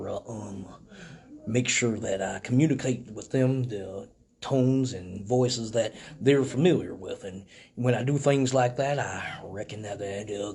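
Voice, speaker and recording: A man's voice: on the low side, creaky, darkish tone. A man hosting a casual live stream, talking loosely and profanely, joking with viewers. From Michigan.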